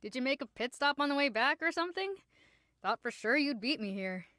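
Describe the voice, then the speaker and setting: A woman's voice: high-pitched, animated, brisk, sharp tone, no room sound, clean studio sound. A woman voicing a breezy young female superhero, casual and teasing.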